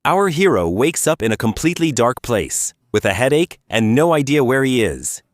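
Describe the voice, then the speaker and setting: Lively man narrating a game story. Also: mid-range voice, normal speed, no room sound. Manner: casual, lively recap with asides. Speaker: gaming YouTuber. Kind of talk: let's-play story narration.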